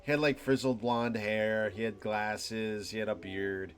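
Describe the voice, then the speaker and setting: A young man hosting a live stream, talking in a halting, reflective way with many restarts and fillers. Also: fairly low pitch, fairly even intonation. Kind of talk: rambling reflective monologue to chat.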